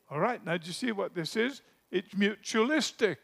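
A man preaching a sermon in a deliberate, emphatic way, letting his phrases trail off softly at the ends. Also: high voice, expressive, creaky.

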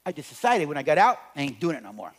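A middle-aged man tells humorous stories to an audience. His voice sits a little high for a man. He swings between loud bursts and quiet, low passages. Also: very animated, quick pace, noisy background. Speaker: speaker on relationships. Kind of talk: humorous storytelling talk to an audience.

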